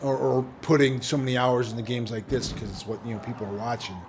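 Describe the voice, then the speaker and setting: A man's voice: mid-range voice, little pitch movement, quick pace. Rambling man chatting over a racing game. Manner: rambling, chatty, self-interrupting. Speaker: gaming channel host. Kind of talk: casual let's-play commentary. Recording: game audio and engine noise underneath. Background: race car engine sounds.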